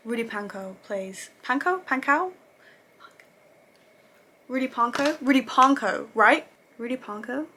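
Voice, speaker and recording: A woman's voice: a little high, expressive, a little slow, long pauses, bright, forceful tone, slight background noise. A young woman casually recapping TV episodes, chatty and gushing, with lots of fillers and self-corrections. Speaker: TV review vlogger.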